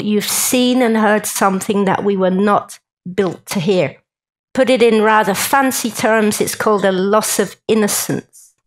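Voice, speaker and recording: A woman's voice: on the high side, low-quality recording. A woman giving a chatty, joking talk to a live conference audience and speaking straight to the crowd.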